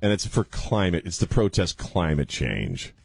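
A man's voice: low voice, sing-song, normal speed, creaky, husky, dry recording, faint music behind. A man hosting a talk radio show, joking and laughing in casual banter. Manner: jokey, laughing, mocking. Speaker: radio host.

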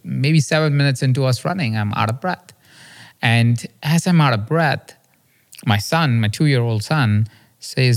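Speaking at a medium pitch and a little slowly, a man in his thirties who works as a podcast host and coach tells a personal story. He sounds earnest and confessional, often checking in with "right?"

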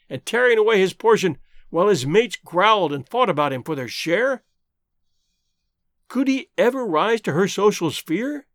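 A man narrating a classic adventure novel as an audiobook, in an expressive, dramatic reading. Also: high-pitched, no room sound, clean studio sound. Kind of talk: storybook narration.

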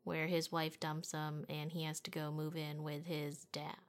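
A woman's voice: sits low, completely flat delivery, measured pace. A woman co-hosting a casual movie chat, chatty and giggly, with lots of fillers. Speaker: podcast co-host.

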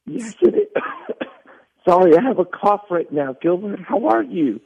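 A man putting on the voice of a sick woman calling in, raspy and coughing, heard over the phone. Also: high voice, very animated, unhurried, full character voice. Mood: sweet, coughing. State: coughing, voice shot. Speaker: caller. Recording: tinny phone line.

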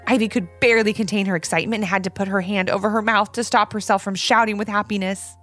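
A woman narrating a children's story in an animated, expressive read-aloud. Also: mid-range voice, fast talker. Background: soft music.

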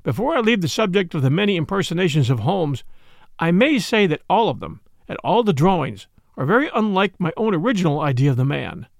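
Expressive man reading a memoir aloud. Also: sits high, a little fast, vocal fry, no echo, studio quality. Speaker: podcast narrator.

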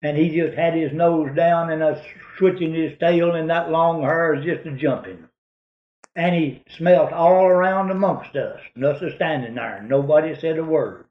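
Man, folksy storyteller, slightly high voice, dull echoey old tape. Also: normal speed. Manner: drawling, rambling, folksy. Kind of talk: folksy hunting yarn.

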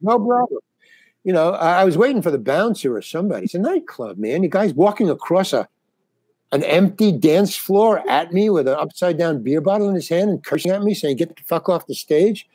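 Older comedian guy telling old road stories, kinda high voice, dry sound. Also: very animated, fairly quick, a little mellow, breathy edge, no room sound. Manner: rambling, restarts, acts out quoted dialogue. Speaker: comedian guest. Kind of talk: casual storytelling interview.

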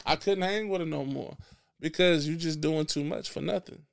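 A man with a gravelly, fry-edged voice, pitched a little high for a man, holds forth in a casual podcast chat. He talks bluntly and drops profanity freely. He is emphatic and preachy, and he stumbles and restarts his phrases as he goes. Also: moderate pace. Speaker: podcast guest.

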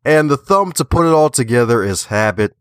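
A man's voice: medium pitch, expressive, a little fast, clear, resonant tone, no room sound, clean studio sound. A man from Baltimore with a slight Southern twang, a guest in an interview, talking in an upbeat, folksy way and laughing often. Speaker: guest author and podcaster. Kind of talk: casual interview talk.

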